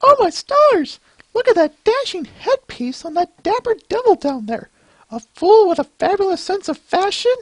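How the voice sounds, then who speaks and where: A prissy, fashion-obsessed pony lady gushes in a very high, swooping voice, as a man puts her on in falsetto. Her talk is theatrical and fussy, with an airy, far-off timbre unlike a plain speaking voice. The sound is dry and close. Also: big pitch swings, normal speed, dry recording. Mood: gushing.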